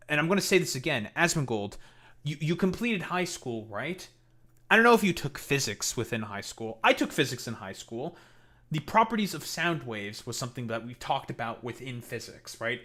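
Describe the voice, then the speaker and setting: A man's voice: mid-range voice, pushed and bright. A man hosting a stream, reacting to a video with profane, exasperated rants. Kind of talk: casual reaction commentary.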